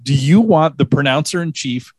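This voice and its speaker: A man's voice: fairly high pitch, expressive, moderate pace, a little mellow, no echo. Dry-voiced man in playful banter. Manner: playful mock-serious arguing. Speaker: podcast co-host. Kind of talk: casual podcast banter.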